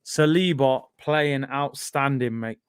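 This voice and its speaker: A man with a British accent hosting a live football watch-along, bantering excitably and reading out viewer comments. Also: mid-range voice, takes it slowly, smooth, dry recording, clean studio sound.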